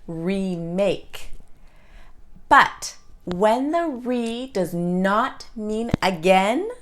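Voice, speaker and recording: A woman teaching an English pronunciation lesson, saying each example word slowly and deliberately. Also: medium pitch.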